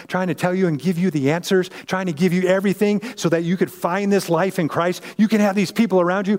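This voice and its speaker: A male pastor giving a casual, animated sermon full of slang, acting out the people in the story. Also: high-pitched, in a large hall.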